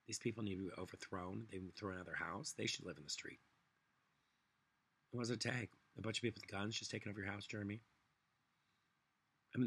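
Guy ranting on camera, husky and kinda rough, cussing a lot, sarcastic. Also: deep voice, bright, forceful tone. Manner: angry, profane, sarcastic ranting. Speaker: vlogger. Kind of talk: solo political rant.

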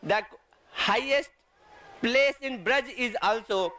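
High, bright-voiced translator. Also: male voice, slight background noise, low-quality recording. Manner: halting, restarts and rephrases as he translates. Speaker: translator of a pilgrimage talk. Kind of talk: translated sermon, retelling a sacred story.

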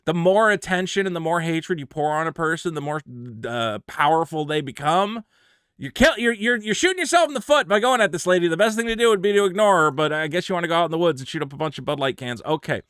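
Casting: a man as a sarcastic YouTube commentator, bright, crisp voice. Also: fairly high pitch, quick pace, no echo, clean studio sound. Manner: sarcastic, emphatic, animated. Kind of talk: opinionated commentary.

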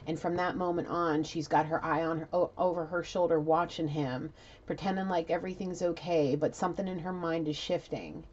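Low-voiced, chatty woman doing a reading. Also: a little fast, dull audio, a little hiss or hum. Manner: animated, chatty storytelling with fillers. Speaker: tarot reader. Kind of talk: casual spiritual reading.

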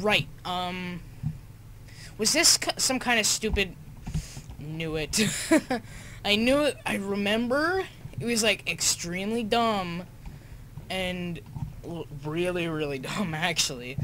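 A young man commenting casually on his own gameplay, excitable and laughing, muttering asides between outbursts. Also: sits high, slow pace, slight background noise. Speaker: gamer. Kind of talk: casual let's-play commentary.

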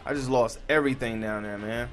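A man's voice: mid-range voice, steady tone, brisk, a bit bright. Young male gaming host, casual and profane commentary over faint game music. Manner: frustrated, swears a lot, talks to the viewers. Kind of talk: casual let's-play commentary.

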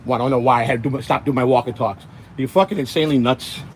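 Walking outside in the hot sun with his phone, a livestream host delivers an angry, profane rant. He talks very fast in a mid-range voice with fairly even intonation, and there is slight background noise.

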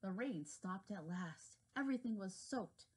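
Brief: lively preschool teacher, storytime narration, pitch swinging up and down, mid-range voice. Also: female voice, measured pace, breathy edge. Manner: expressive, animated reading for young children. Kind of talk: storybook read-aloud.

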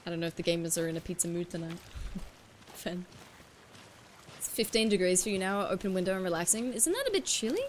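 A woman's voice: fairly low pitch, steady tone, brisk, long pauses, slight background noise. A woman livestreaming a video game, chatting casually and swearing freely as she answers her viewers. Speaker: streamer.

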